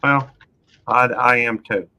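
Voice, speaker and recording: A man in his sixties talking in a measured, hesitant way in a casual live stream chat. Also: mid-range voice, fairly even intonation, sharp tone, rough recording. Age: 60s.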